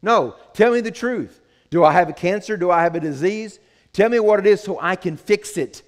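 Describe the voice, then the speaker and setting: A man's voice: sits high, moderate pace, big-room sound. A man preaching a sermon as pastor, earnest and conversational, asking the congregation questions.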